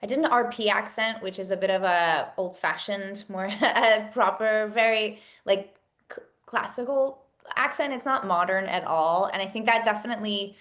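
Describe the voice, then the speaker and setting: A woman's voice: mid-range voice, normal speed, a bit bright. A woman in her thirties, an actress and producer, chatting in an interview and rambling with many fillers and restarts. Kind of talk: casual interview chat.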